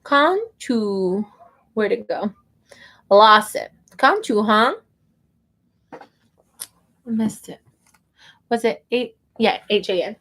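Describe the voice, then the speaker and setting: A woman's voice: mid-range voice, expressive, slow, long pauses, a bit bright. A woman teaching online, chatting casually and hesitantly as she sounds out names one at a time. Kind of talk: casual livestream chat.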